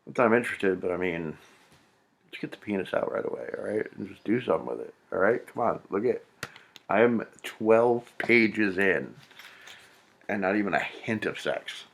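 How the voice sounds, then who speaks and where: A man with a low, gravelly voice reads a novel aloud for laughs. He keeps stopping to mock it in crude, profane asides, sounding fed up with the text. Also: expressive, normal speed, a bit bright. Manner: profane, exasperated, mocking. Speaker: comedic reader. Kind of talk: comedic read-aloud with crude commentary.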